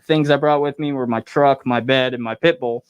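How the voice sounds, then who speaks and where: A man's voice: medium pitch, fairly even intonation, normal speed, clear, resonant tone. A man, a pro wrestler guest, telling a rambling story in casual podcast chat, laughing often and acting out what others said.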